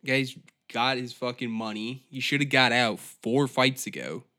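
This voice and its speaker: A man hosting a solo podcast, ranting at a steady middle pitch. He swears constantly and rambles, sounding exasperated as he talks himself in circles. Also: measured pace. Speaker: podcast host. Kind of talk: solo comedic rant.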